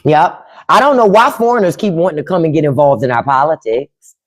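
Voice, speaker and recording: A woman's voice: low voice, a little fast. A woman hosting a livestream from home, giving blunt, profane opinions and answering her chat. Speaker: podcast host on a livestream. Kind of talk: unfiltered political livestream rant.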